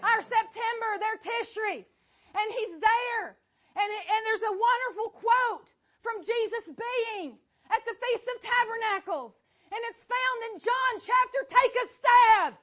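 High-voiced, excitable woman teaching scripture. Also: unhurried, highs cut off. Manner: excitable, quizzes the class often. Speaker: Bible teacher. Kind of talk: animated classroom teaching.

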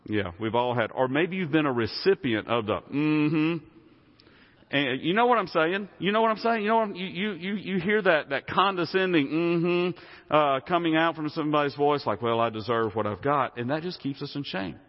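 A man's voice: on the high side, animated, brisk, few pauses. A man preaching a sermon in a conversational way, often asking the congregation questions. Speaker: pastor. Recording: muffled sound with long hall reverb.

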